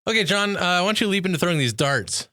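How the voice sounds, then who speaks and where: A man's voice: sits high, lively intonation, fast, pushed and bright, no echo, clean studio sound. A man co-hosting a comedy podcast, cracking puns and hedging with fillers. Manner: jokey, punning, hesitant with fillers. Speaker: podcast co-host.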